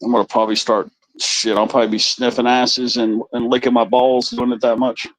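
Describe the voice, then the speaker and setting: Guy hosting a live chat stream, mid-pitched voice, crude and rambling, dry sound. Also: flat delivery, fairly quick, no echo, poor audio.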